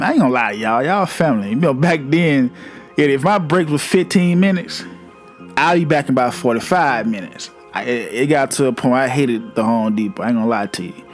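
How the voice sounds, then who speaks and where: A man vlogger telling a personal story in a casual storytime monologue, animated and repetitive, with a lot of profanity. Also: medium pitch.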